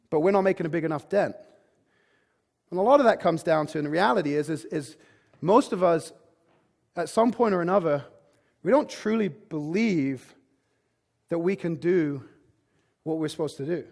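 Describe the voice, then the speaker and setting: A man's voice: fairly high pitch, creaky, darkish tone. A man giving a motivational presentation to a room of fitness trainers. He talks emphatically, with frequent "like" and restarts. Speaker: fitness business speaker. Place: conference room with live audience.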